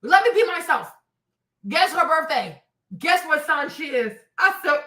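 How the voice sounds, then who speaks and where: Woman, high bright voice, gossip host, roomy echo, a little off-mic. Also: measured pace, distant mic. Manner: animated, talks to viewers directly, bursts into excited shouts. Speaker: commentary show host. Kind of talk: casual celebrity gossip commentary.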